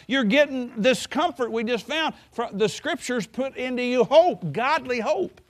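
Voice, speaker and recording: A man's voice: extremely high pitch, lively intonation, normal speed, hardly any pauses, a bit bright. A man preaching a sermon in a folksy way, stretching words for emphasis and breaking in with "hallelujah.". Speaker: pastor.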